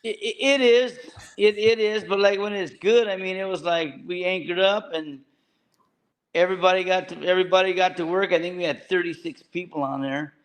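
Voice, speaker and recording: A man's voice: high voice, steady tone, brisk. A man, a fishing boat captain, talking plainly in an interview and often repeating words as he goes. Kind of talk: casual interview.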